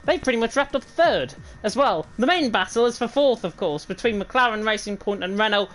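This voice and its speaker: A woman's voice: on the high side, lively intonation, brisk, low-quality recording. A woman with a Northern English accent giving chatty, self-deprecating live commentary on a racing league. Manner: chatty, self-deprecating, fluent reading of standings. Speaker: race commentator.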